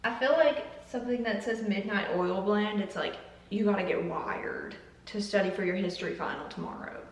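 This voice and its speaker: A woman's voice: medium pitch, moderate pace, roomy sound, far from the mic, low-quality recording. A young woman hosting a casual vlog, chatty and joking as she tastes coffees and drifts into tangents. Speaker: YouTuber.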